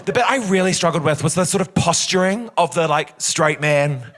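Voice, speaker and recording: A man performing stand-up comedy on a theatre stage, telling self-mocking stories in a camp, animated way. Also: a little high, a little fast. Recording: loud audience laughter in a theatre.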